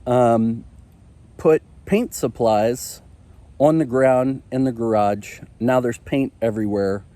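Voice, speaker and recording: Slow, mellow-voiced man telling a candid story. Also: medium pitch. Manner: candid, confessional, with frequent fillers. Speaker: marriage podcast host.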